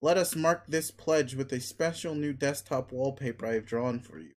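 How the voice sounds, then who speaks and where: A man's voice: mid-range voice, normal speed, close to an everyday voice. A man reading a webcomic aloud, voicing an arrogant, crude young male alien who talks in a pushy, sneering, blunt way. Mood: domineering.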